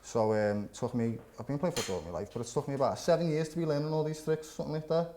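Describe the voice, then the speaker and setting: A man with a thick Liverpool Scouse accent talks football at a quick clip. He is animated and chatty, and keeps coming back to "do you know what" as he goes. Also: mid-range voice, a little hiss or hum. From Liverpool, England. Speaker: guest pundit. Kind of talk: casual football banter.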